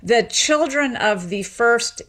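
A woman's voice: a little high, slow. A woman, a sociolinguist raised in Tennessee, giving long explanatory interview answers with frequent fillers. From Memphis, Tennessee. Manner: explanatory, lively, many fillers. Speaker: sociolinguist guest.

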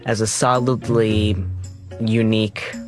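A man telling a personal story in a conversational, halting way, acting out the quoted lines as he goes. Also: fairly low pitch, little pitch movement, over music.

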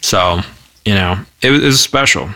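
A man with a low voice but a bright, tense tone speaks earnestly, stopping and restarting as he searches for words. He sounds like a casual interview. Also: animated. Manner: earnest, halting. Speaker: author and war veteran.

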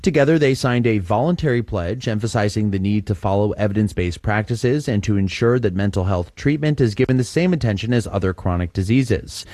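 Low-voiced male correspondent. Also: fairly quick, few pauses, dry recording. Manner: calm, level reporting. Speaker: news correspondent. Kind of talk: scripted news report.

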